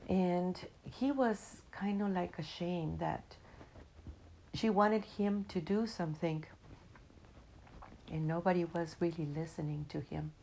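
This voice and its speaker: A woman telling a spiritual story in a reflective, unhurried way, in English that is not her first language. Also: lowish voice, fairly even intonation, creaky, darkish tone, slight background noise, low-quality recording. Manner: unhurried, reflective, non-native English grammar.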